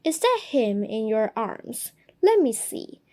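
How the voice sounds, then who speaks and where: A woman voicing a curious, excitable female skunk creature with a squeaky, eager voice in a storybook reading. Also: takes it slowly. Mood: excited.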